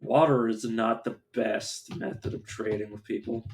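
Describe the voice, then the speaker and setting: A man's voice: lowish voice, steady tone, moderate pace, soft background music. A man streaming a video game live, chatting casually in a rambling, profane, self-interrupting way.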